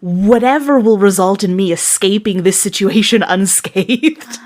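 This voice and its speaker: A woman's voice: medium pitch, unhurried, darkish tone. A woman player at a tabletop game, chatting casually and laughing playfully.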